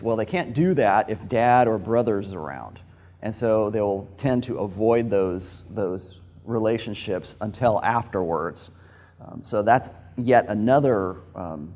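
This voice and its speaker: A man's voice: fairly low pitch, darkish tone. A man giving an informal, frank lecture to a group in a loose, digressive way. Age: adult with a daughter.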